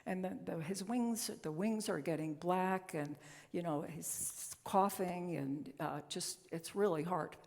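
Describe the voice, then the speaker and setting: A woman's voice: on the low side, a little slow, vocal fry, a little mellow. A woman minister giving a conversational, story-telling sermon in a church sanctuary. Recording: long reverb in a church hall.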